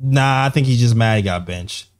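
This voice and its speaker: A man's voice: mid-range voice, normal speed. A man hosting a basketball show, talking in a loose, rambling way and laughing easily. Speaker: podcast host. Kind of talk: casual basketball chat.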